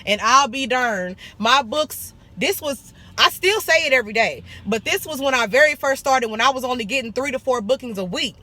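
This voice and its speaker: A woman's voice: high voice, expressive, moderate pace, few pauses, bright, forceful tone. A young woman from Arkansas, giving blunt, sassy business advice in a casual vlog and calling viewers honey and baby. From Arkansas, USA. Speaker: esthetician vlogger.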